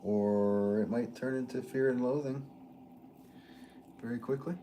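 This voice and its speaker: A man's voice: mid-range voice, fairly even intonation, measured pace, dark tone, a little hiss or hum. A man hosting a pottery live stream, chatting casually and reading viewer comments in an easygoing, rambling way that often trails off into a chuckle.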